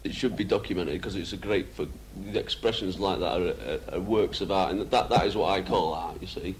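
A man's voice: deep voice, brisk, slight background noise. A man in an archival interview, rambling through anecdotes, laughing, with many "you know"s. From England. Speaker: musician interviewee.

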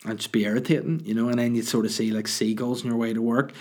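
A man's voice: mid-range voice, fairly even intonation, fast talker, darkish tone. A man hosting a podcast, rambling and joking as he answers listener questions. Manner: rambling, jokey, sweary. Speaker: podcast host.

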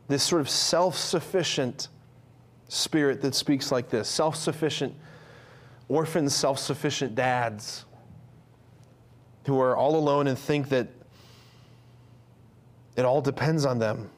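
A man giving an earnest, conversational sermon to men, with frequent fillers and restarts. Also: medium pitch.

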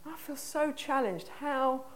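A woman's voice: high-pitched, takes it slowly. A woman preacher with an English accent gives a conversational sermon, putting questions to her congregation in a church hall.

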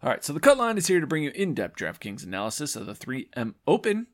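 A man's voice: fairly high pitch, wildly swooping pitch, fast. Upbeat rambling man hosting a podcast. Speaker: podcast host. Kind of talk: casual chat.

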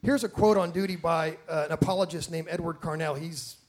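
A man preaching a sermon from a stage, emphatic and animated, with frequent restarts and rhetorical questions. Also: fairly high pitch, a little fast.

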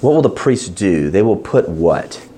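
A man leading an interactive Bible study, asking his class questions and stressing key words with animated emphasis. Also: low-pitched, unhurried.

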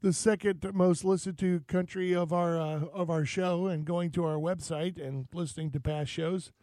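A man from Florida hosts a morning talk radio show, his voice sitting high for a man. He rambles through stories with plenty of fillers and jokes. The sound is close and dry, with no room around it. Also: fairly even intonation, normal speed, warm tone, no room sound. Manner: rambling, joking, fillers between thoughts. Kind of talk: casual talk radio banter.

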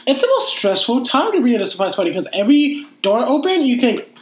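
A man's voice: very high voice, quick pace, crowd noise. Giggly young man in a roomy echo. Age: about 21. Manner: giggly, excitable storytelling. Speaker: podcast co-host. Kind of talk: casual chat. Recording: roomy echo, faint noise.

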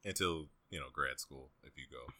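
A man's voice: very deep voice, fairly quick, bright, forceful tone, no echo. A man co-hosting a podcast, chatting casually with teasing wisecracks. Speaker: podcast co-host. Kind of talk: casual chat.

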